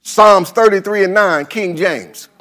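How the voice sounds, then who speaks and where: A male pastor preaching a sermon, repeating phrases and building into chanted, shouted lines. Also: high-pitched, a little slow.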